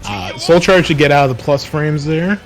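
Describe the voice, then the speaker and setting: A young man doing color commentary on a fighting game, reacting with excitement and staying modest about his knowledge. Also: fairly high pitch, normal speed, poor audio. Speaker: esports co-commentator. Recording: faint music underneath.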